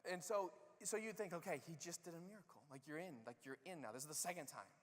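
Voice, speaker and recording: A pastor telling a story in a sermon, acting out the characters' lines with lively, casual energy. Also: male voice, a little high, fast talker, long reverb tail. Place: church sanctuary.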